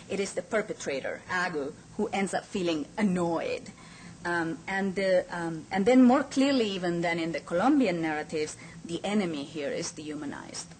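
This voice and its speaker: A woman's voice: on the low side, a little mellow, slight background noise, low-quality recording. A woman speaker giving a lecture at an academic forum, in an earnest, emphatic manner. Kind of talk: conference lecture.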